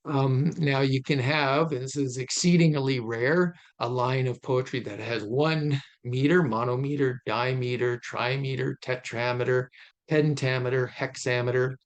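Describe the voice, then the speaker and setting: A man speaking at an ordinary middle pitch, lecturing on poetry in a recorded talk over slides. He thinks aloud with plenty of fillers and restarts. He slows right down to sound out stressed and unstressed syllables. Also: steady tone. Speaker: literature lecturer.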